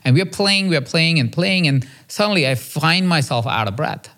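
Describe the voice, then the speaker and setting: A man hosting a podcast interview, telling a personal story in an earnest, reflective way with casual "like" and "right?" fillers. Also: a little fast. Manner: acts out quoted dialogue with a raised, lively pitch. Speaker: podcast host.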